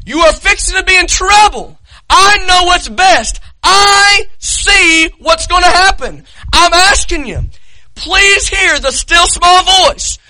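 A man voicing a pleading male shepherd who shouts urgent warnings to his flock. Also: extremely high pitch, animated, takes it slowly, pitched above the performer's own voice, exaggerated voice, low-quality recording.

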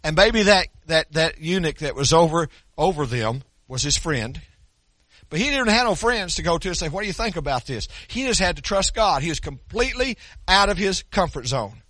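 A man's voice: a little high, very animated, moderate pace, sharp tone, dry recording. An older man preaching a sermon, swinging between folksy stories and emphatic preaching. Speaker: pastor.

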